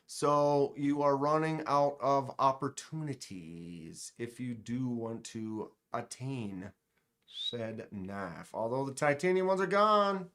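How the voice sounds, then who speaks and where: A man hosting a casual live stream, joking around and talking straight to his chat with quick exclamations. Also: mid-range voice, lively intonation, fairly bright tone. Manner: playful, joking, talks to chat directly; exclaims short interjections. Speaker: livestream host.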